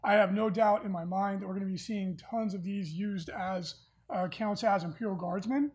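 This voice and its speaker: Speaking at an ordinary pace, this man hosts a laid-back podcast about tabletop gaming news, loose and friendly with plenty of fillers. He has a husky, darkish voice that sits on the high side.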